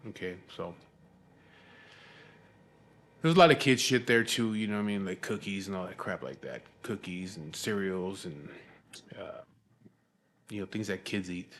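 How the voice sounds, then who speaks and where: A middle-aged man talks straight to camera in an unhurried, rambling way. His voice sits very low. He swears casually and keeps checking in with his listener. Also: animated, fairly bright tone. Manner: profane, rambling, frequent "you know what I mean". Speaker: vlogger.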